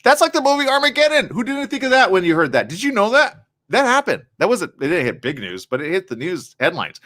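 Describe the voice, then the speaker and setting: Guy hosting a live morning stream, rambly and chatty, bright voice that jumps all over in pitch. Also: a little fast. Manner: rambling, animated, asks the audience "you get it?". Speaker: live show host. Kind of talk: casual live-stream chat reading viewer comments.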